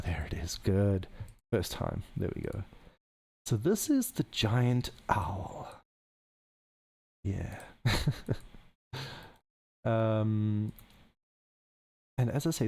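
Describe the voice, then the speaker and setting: Gravelly and lowish with a dark tone, this non-American podcast host riffs on conspiracies without a script. He wanders from point to point, laughing often and correcting himself along the way.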